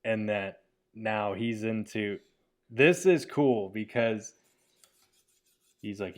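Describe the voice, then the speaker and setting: A man with a fairly low voice talks through his own short film in a loose, rambling way. He is enthusiastic, laughs often and fills his talk with "like" and "you know". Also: takes it slowly, pauses often. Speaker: filmmaker giving commentary on his own film. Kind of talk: casual commentary.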